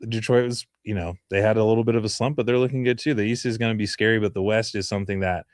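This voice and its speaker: Relaxed man with frequent ums. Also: on the low side, racing, no room sound, clean studio sound. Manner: relaxed, filler-heavy delivery with ums. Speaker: sports podcast co-host. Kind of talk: casual sports talk.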